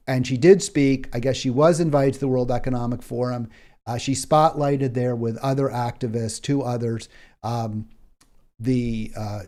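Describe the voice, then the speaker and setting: A man with an American accent and a warm, medium-pitched voice hosts his own political commentary show. He talks passionately, often repeating himself for emphasis and frequently using fillers and restarting sentences.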